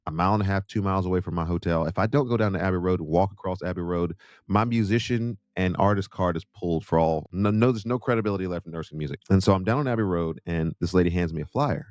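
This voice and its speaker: A man's voice: low-pitched, quick pace, darkish tone, dry recording. An American man, a Christian music artist, telling a rambling story in a casual chatty monologue with asides to his viewers.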